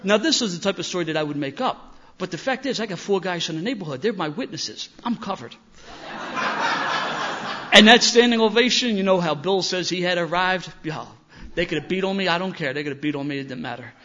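An older man tells a story in a rough-edged, self-mocking way. His voice sits fairly high for a man, and he gets louder and livelier as the tale builds. The recording sounds dull and lo-fi. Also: animated, a little fast, noisy background. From Philadelphia. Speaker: speaker sharing recovery story. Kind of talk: storytelling talk to an audience.

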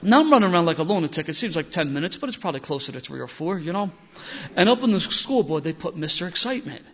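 An older man tells a story in a rough-edged, self-mocking way. His voice sits fairly high for a man, and he gets louder and livelier as the tale builds. The recording sounds dull and lo-fi. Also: big pitch swings, very fast, a little hiss or hum. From Philadelphia. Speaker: speaker sharing recovery story. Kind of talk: storytelling talk to an audience.

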